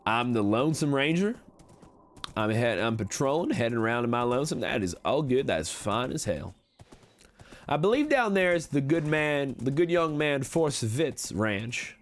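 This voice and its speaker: A smooth-talking frontier swindler , as a man puts him on for his stream, leaning into a thick Western drawl. His pitch rises and dips all over the place, lively and sing-song, selling every word like snake oil. Folksy patter in a game roleplay. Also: normal speed, slight background noise, natural voice. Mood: scheming. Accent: put-on American Western drawl. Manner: folksy, wheedling salesman patter. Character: slick smooth-talking cowboy conman, adult male.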